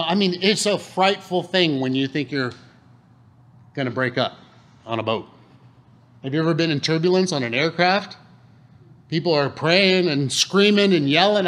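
A man preaching a sermon in a conversational way, often asking the congregation questions. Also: fairly high pitch. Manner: animated, conversational, asks the room questions. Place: church hall.

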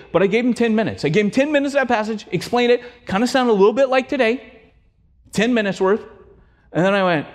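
Brief: middle-aged male pastor, high-pitched, lively sermon storyteller who does the voices. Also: brisk. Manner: animated storytelling, acts out voices, swings from loud to hushed.

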